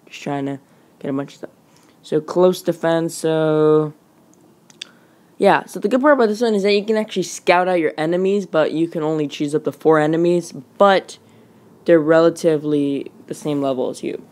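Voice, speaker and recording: A woman giving casual, rambling commentary over mobile game footage. She talks quickly and fills her speech with "like" and "um". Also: sits low, darkish tone. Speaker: gaming channel host. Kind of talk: gameplay commentary.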